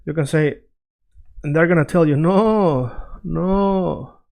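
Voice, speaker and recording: Brief: male language teacher with a slightly high voice, casual and chatty, keeps asking "right?" while drilling phrases. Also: little pitch movement. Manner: conversational, checks in often with "right?" and "all right?"; repeats phrases slowly to drill them. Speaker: Spanish teacher. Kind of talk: casual freestyle language lesson.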